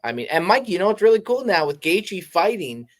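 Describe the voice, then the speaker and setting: A man's voice: high-pitched, big pitch swings, a little fast, a crowd in the background. A man co-hosting a podcast, bantering casually and mocking himself. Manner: laughing, self-mocking banter. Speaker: podcast co-host. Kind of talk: casual chat.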